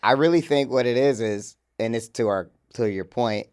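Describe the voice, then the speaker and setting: Male podcast co-host, mid-pitched, rambling and casual, many fillers. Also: normal speed, a little mellow, smooth. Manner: loose, rambling, with lots of fillers and laughs. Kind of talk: casual chat.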